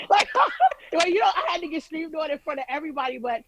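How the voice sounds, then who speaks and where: A woman guest in an interview, telling stories in an animated way, with frequent restarts and casual swearing. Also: high voice, fast, poor audio. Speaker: guest artist.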